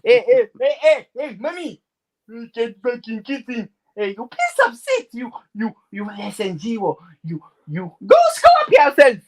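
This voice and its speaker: A man's voice: high voice, expressive, normal speed, few pauses, no room sound. A man playing a bossy husband who barks orders in broken English.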